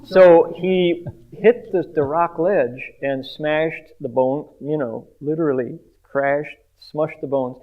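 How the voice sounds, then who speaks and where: A man's voice: a little high, takes it slowly, hardly any pauses. A man vividly retelling someone else's story, acting out the sound effects as he goes. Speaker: interviewer retelling a guest's story. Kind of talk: animated storytelling. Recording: tinny phone-like audio.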